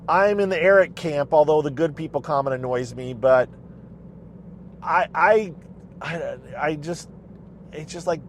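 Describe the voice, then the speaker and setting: A man's voice: on the high side, unhurried, long pauses, slight background noise. A man casually recapping a TV show from inside his car, rambling with lots of fillers and restarts. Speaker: recap vlogger.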